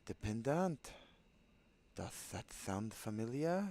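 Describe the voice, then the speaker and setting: A man's voice: fairly low pitch, very animated, slow pace, mellow, heavily acted. A man voicing a menacing female bounty hunter from a game, with a lisp and an attempted Castilian Spanish accent. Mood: taunting. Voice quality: lisping. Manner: taunting, threatening.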